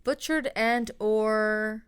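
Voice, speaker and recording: A woman's voice: a little high, fairly even intonation, extremely slow, clear, resonant tone. A woman co-hosting a podcast, telling a true-crime story in a loose, rambling way, full of "like" and "um" and casual swearing. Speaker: podcast co-host.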